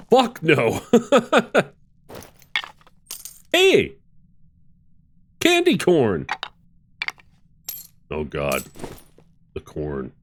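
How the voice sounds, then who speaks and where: A man streaming a game, giving casual, excitable commentary with swearing and bursts of laughter. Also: mid-range voice, extremely slow, long pauses, slight background noise.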